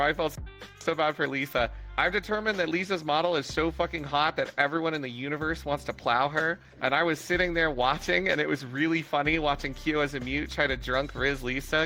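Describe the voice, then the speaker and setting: A young man whose voice is bright and sharp, with a gravelly, fry-heavy edge. He tells his stories in a giggly, animated way in a casual gaming chat. Faint music hums behind him. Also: a little high, fairly quick.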